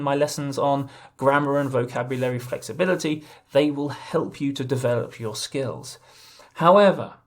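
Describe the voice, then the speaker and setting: A man's voice: mid-range voice, vocal fry. A man teaching legal writing in an online lesson, explaining step by step and often restarting his phrases.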